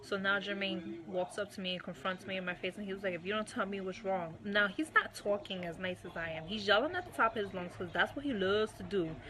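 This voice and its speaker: A woman speaks openly about her own past in a mid-range voice. She takes her time, filling pauses with "um" and "you know". She sounds like a guest telling a candid personal story. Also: mid-range voice, bright, forceful tone. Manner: unhurried, with frequent "um" and "you know". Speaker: guest recounting her marriage.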